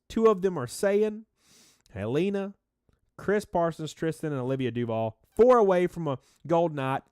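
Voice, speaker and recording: A stuffy-nosed man hosting a livestream, chatting loosely and calling out viewers by name. His pitch leaps up and drops back down, and he sounds a little out of breath. The recording is dry and close. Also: dry recording. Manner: rambling, reads chat names aloud, shouts out donors. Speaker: livestream host. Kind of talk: casual livestream chat.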